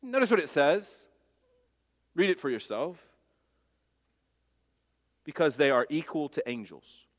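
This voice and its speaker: A man's voice: fairly high pitch, very animated, a little slow, pauses often, in a large hall. A man pastor preaching a sermon, earnest and emphatic, putting rhetorical questions to his congregation.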